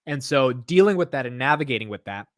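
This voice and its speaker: A man's voice: mid-range voice, expressive, fast, no room sound. A young male streamer talks loosely into a close mic, rambling and reading comments from his chat. He drops "bro" and "yo" constantly and keeps an easygoing tone. The sound is dry, with almost no room reflection. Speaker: livestream host. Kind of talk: casual livestream chat, reading viewer comments.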